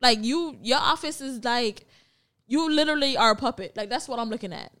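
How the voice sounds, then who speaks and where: Blunt young woman, smooth voice. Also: fairly high pitch, a little fast, fairly bright tone. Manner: blunt, emphatic, swears freely. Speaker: podcast co-host. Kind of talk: casual chat.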